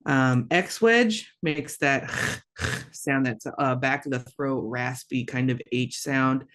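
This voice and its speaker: Slow patient woman teaching pronunciation. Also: extremely low pitch. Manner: slow, patient, repeats words for learners to echo. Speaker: language teacher. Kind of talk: recorded language lesson.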